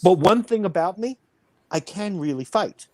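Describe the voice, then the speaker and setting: A man's voice: high voice, lively intonation, moderate pace, warm tone, dry recording. A man in his fifties, a wrestling promoter, telling a heated story in a blunt, boastful way. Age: 50s. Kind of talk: casual storytelling.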